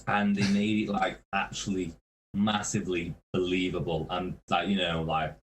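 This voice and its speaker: A man's voice: sits low, level tone, moderate pace, a little hiss or hum, rough recording. A man, a guest musician, telling tour stories casually, swearing a lot and laughing mid-sentence. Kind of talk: casual storytelling.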